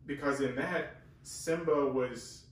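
A man's voice: medium pitch, takes it slowly. Man, earnest Bible teacher, emphatic, very echoey room, distant mic with faint hiss. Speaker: co-host of a Bible teaching talk.

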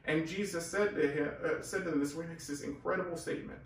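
A man's voice: a little high, fast talker, few pauses. Man, earnest Bible teacher, emphatic, very echoey room, distant mic with faint hiss. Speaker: co-host of a Bible teaching talk.

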